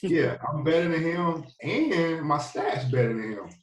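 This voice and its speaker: A man in his thirties with a Southern US accent, telling his story in a relaxed, rambling way as a podcast guest. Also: on the high side, a little slow. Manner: laid-back, rambling, many fillers. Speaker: podcast guest, former football player. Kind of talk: casual storytelling interview. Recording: echoey, a bit distant from the mic.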